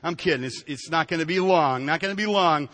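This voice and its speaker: A male pastor preaching a sermon, pitched high for a man, talking in an animated, conversational way. He jokes with the congregation and acts out little quotes. His voice rings through a church hall with a long reverb. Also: brisk.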